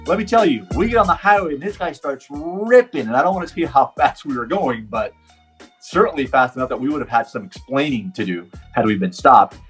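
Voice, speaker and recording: A man's voice: medium pitch, a little fast, faint music behind. A middle-aged man from Puerto Rico who is a professional driver, telling a personal story in an interview and acting out the dialogue. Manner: animated storyteller, acts out quoted dialogue.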